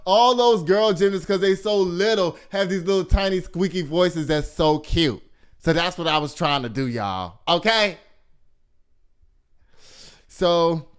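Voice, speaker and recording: Sassy, animated gossip host. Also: male voice, a little high, clean tone. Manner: animated, sassy, laughs often, addresses listeners as y'all. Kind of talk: casual gossip news commentary.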